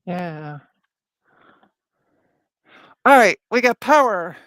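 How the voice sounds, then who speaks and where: A woman's voice: on the low side, expressive, drawn-out words, a bit bright, dry recording. A woman hosting a casual live stream from her home workbench, chatting playfully as she narrates her tinkering. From Canada. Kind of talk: casual live-stream chat while working.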